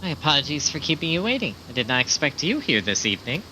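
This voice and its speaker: A man's voice: fairly high pitch, very animated, fast, pushed and bright, a little hiss or hum, voice pushed up, heavily acted, poor audio. A man voicing a proud, devoted male soldier captain, reading solemn formal lines close to his own voice over game music.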